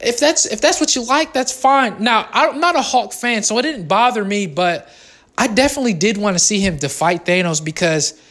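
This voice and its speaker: A man giving a casual movie review on his vlog, rambling and excitable, jumping between topics and correcting himself as he goes. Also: high voice, normal speed.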